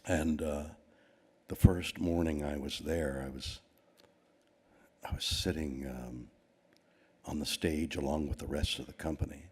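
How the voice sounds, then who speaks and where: A man's voice: extremely low pitch, steady tone, measured pace, pauses often, a little mellow, husky. An older Canadian man telling a rambling anecdote to an audience, with many restarts and quoted voices. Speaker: award recipient giving a speech.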